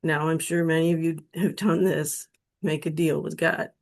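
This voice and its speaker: A middle-aged woman from Western New York slowly telling a personal spiritual testimony, emotional and earnest. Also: low voice, flat delivery. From Western New York State. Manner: slow, emotional, pleading when quoting her prayers. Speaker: guest telling her near-death experience story.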